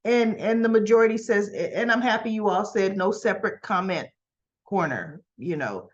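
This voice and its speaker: A woman talks through a soap opera episode in a loose, chatty way, jumping up in pitch to act out the characters' lines. The audio is a little dull and lo-fi. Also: normal speed. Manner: animated, acts out characters' lines in raised voice. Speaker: soap opera recap host. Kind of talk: casual recap chat.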